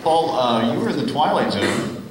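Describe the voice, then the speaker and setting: A man moderating a convention panel, asking questions quickly and halting as he searches for names. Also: mid-range voice, big pitch swings, slight background noise. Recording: echoey hall from far off with crowd.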